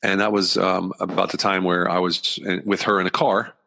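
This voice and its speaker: Very deep-voiced man telling his story. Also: level tone, normal speed, creaky, sharp tone. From United States. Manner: earnest, rambling with frequent restarts. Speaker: podcast guest. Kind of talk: candid personal storytelling.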